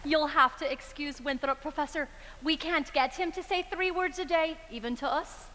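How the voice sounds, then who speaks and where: A woman's voice: high-pitched, normal speed, a bit bright, a little hiss or hum. A woman playing a talkative middle-aged Irish widowed mother in a stage musical, with a lilting Irish brogue. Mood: gushing. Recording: stage with long hall reverb.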